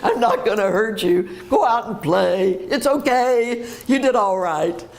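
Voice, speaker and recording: A woman's voice: on the high side, unhurried, pitched above the performer's own voice. A woman voicing a kind schoolteacher who soothes a child and calls her honey, tearful and laughing through tears as she speaks. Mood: tender. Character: gentle kindly woman schoolteacher comforting a child.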